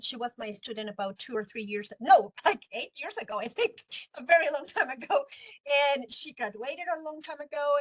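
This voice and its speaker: A woman's voice: high-pitched, low-quality recording. A woman teaching a university class, giving a heartfelt farewell talk to her students, close to tears. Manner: heartfelt, near tears, warm and encouraging.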